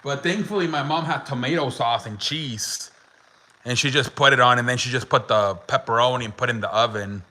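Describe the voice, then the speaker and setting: A man's voice: mid-range voice, a little fast, sharp tone, low-quality recording. A young man telling a story as a podcast host, casual and chatty, laughing often and swearing, with lots of "like" fillers.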